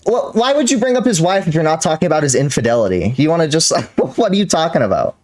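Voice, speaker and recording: A man's voice: fairly high pitch, big pitch swings, fast, darkish tone. A man hosting a live stream, arguing in disbelief, swearing freely and leaning on fillers as he pushes his questions. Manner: incredulous and profane, full of fillers and laughs. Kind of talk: heated live-stream argument.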